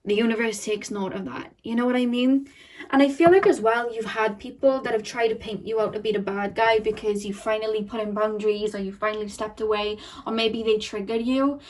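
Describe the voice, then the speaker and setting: A woman's voice: a little high, steady tone, a little fast, darkish tone, recorded from a distance. A woman giving an emotional, earnest tarot reading to her viewers, repeating phrases and getting teary. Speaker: tarot card reader.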